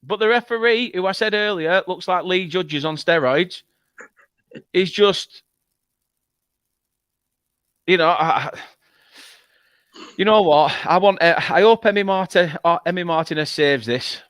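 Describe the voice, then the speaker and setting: Excitable football fan, dry close mic. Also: male voice, high-pitched, a little slow, pauses often, smooth, dry recording. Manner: excitable, swears when frustrated. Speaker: fan channel co-host. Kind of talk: live watchalong commentary.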